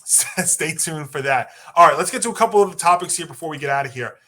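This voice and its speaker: Man, sports podcast co-host, bright tense voice, slightly high, chatty. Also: lively intonation, fast talker. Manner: chatty, rambling with restarts. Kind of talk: casual sports talk.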